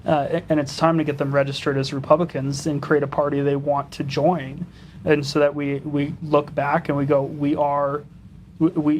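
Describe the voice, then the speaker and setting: A man's voice: on the high side, a little hiss or hum. A man speaking as a political candidate guest in casual interview talk, earnest and stammering as he restarts his sentences.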